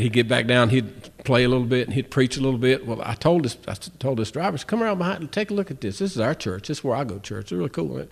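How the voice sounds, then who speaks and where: A man with a drawl gives a Christian testimony in plain, folksy speech. He tells his stories by acting out both sides of each conversation, often restarting his sentences as he goes. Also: on the low side. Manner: storytelling, acts out both sides of dialogues. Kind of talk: spoken testimony.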